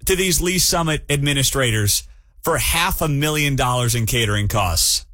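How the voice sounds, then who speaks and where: A man hosting a morning talk radio show, ranting in an animated and incredulous way. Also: mid-range voice, normal speed, dry recording.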